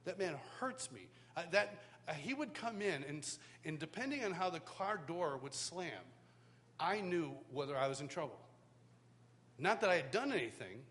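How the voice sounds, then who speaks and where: This man's voice is on the high side and fairly bright, swinging widely in pitch at a moderate pace. A US worship teacher, he gives a personal testimony at a live worship school, storytelling conversationally and restarting often. It was captured in a large hall with long reverb and a faint hum.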